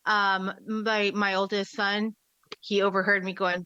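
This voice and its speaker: A woman's voice: medium pitch, measured pace, pushed and bright, dry recording. A woman, a mother of sons, candidly telling funny family stories as a podcast guest. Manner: candid, laughing storyteller. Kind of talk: casual podcast chat. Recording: dull, dry sound.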